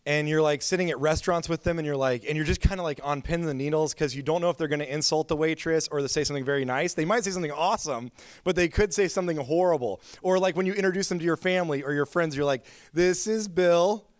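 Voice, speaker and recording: A man's voice: fairly high pitch, fast, no room sound, studio quality. A man preaching a sermon as pastor, telling stories in a casual, chatty way with lots of filler words. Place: church.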